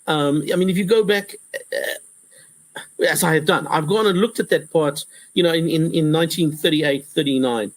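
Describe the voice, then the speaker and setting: A male professor answering interview questions in a lively conversational way, often restarting sentences and acting out quotes. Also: a little high, normal speed, dry recording, poor audio. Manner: animated, repetitive restarts, acts out quotes.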